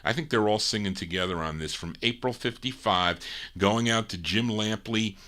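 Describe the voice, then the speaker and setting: A man hosts a live vinyl record show, chatting loosely between the songs he plays. His voice sits a little low, with a bright, forceful edge. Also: normal speed.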